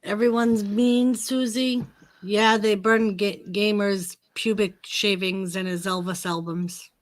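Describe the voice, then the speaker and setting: A woman's voice: mid-range voice, steady tone, takes it slowly. A woman co-hosting a casual chat show, teasing her guests and laughing often. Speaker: co-host.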